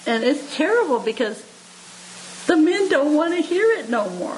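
Folksy high-voiced woman in her seventies preaching. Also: big pitch swings, normal speed, darkish tone, slight background noise, low-quality recording. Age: 70s. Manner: homespun, chuckling, repeats for emphasis; addresses listeners like family. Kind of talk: folksy devotional sermon.

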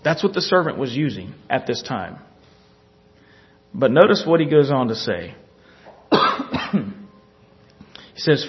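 A man preaching a sermon, animated, acting out scripture scenes with little chuckles. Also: medium pitch, slow pace, long pauses. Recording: dull lo-fi recording.

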